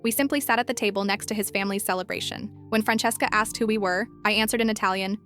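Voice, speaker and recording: Woman, storyteller, even and measured read, soft music bed underneath. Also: mid-range voice. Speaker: narrator. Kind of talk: first-person story narration.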